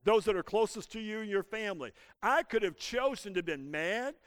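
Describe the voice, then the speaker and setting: Male pastor mid-sermon, high and smooth voice, dry close sound. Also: animated, a little fast, a bit bright, dry recording. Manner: preaching with call-and-response to the congregation. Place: church.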